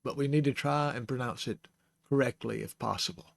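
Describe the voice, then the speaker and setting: A man's voice: medium pitch, brisk, gravelly, no echo. A man giving an informal lesson on the Hebrew alphabet, talking patiently, spelling out sounds and correcting himself as he goes. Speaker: Bible Hebrew teacher. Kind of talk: informal teaching. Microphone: close microphone.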